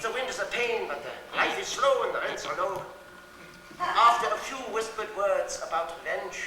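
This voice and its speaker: An actor playing an elderly European-born refugee landlord with a Yiddish-inflected accent, sardonic and profane, in a theatre monologue. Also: male voice, high voice, background noise. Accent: Yiddish-inflected English. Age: older. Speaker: stage character in a monologue. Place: theatre stage before a laughing audience. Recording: distant, echoey theatre stage recording.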